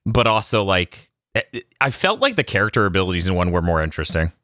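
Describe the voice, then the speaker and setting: A man co-hosting a casual gaming podcast, animated and quick to laugh. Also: deep voice, no room sound, clean studio sound. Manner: animated, bursts into laughter and mock voices. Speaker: podcast co-host.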